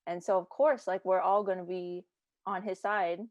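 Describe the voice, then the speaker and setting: A woman's voice: on the low side, fairly even intonation, normal speed. A young woman talking as a podcast guest in a casual chat, chatty with many fillers and frequent laughter.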